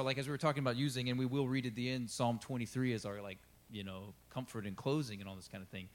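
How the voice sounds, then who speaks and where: Casual preaching man, loud scripture reading. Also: medium pitch. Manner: conversational preaching with fillers, rises when reading scripture. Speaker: pastor. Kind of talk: sermon.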